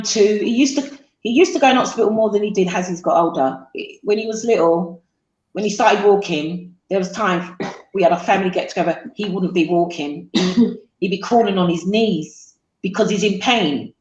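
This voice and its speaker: Halting woman telling a story. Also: medium pitch, muffled recording. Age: middle-aged. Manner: halting, many fillers, tearful at times. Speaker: guest, mother of a man with sickle cell. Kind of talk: emotional interview storytelling. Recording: roomy echo.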